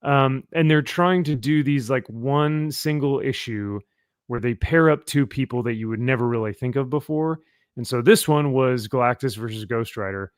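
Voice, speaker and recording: A man's voice: medium pitch, normal speed, dry recording. Male podcast host, loose rambling comic talk, dry sound. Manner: rambling, filler-heavy, laughing. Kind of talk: casual comic review chat. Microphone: headphones and desk mic.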